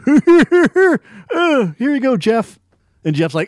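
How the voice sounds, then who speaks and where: A man's voice: very high voice, wildly swooping pitch, takes it slowly, no room sound, clean studio sound. A man co-hosting a movie review talk, blunt and profane, acting out mocking bits of dialogue. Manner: blunt, swears often, acts out mocking quotes. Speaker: movie review podcast co-host. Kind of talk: casual profane banter.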